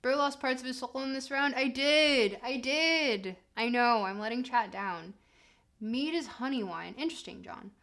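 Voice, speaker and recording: A woman's voice: high voice, moderate pace, a bit bright. A woman streamer giving casual, joking commentary while playing, talking straight to her chat. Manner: chatty and joking, answers chat directly.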